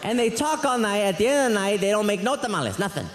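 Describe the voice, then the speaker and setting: Lively high-voiced male stand-up comic. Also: fast talker, slight background noise. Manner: rambling, animated storytelling with asides. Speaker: stand-up comedian. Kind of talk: stand-up routine. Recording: echoey live hall, faint crowd.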